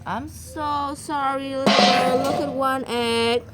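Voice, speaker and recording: Loud music plays behind this woman, whose high voice stays fairly even as she talks slowly. She's a mom filming a relaxed vlog outdoors in her yard on a handheld phone, using simple broken English and saying sorry repeatedly.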